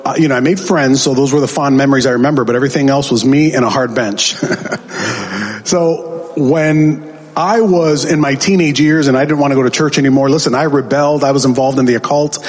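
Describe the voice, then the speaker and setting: A man's voice: mid-range voice, darkish tone, long reverb tail. A man preaching a sermon, telling his testimony as a story and acting out the voices he quotes, building to emphatic peaks.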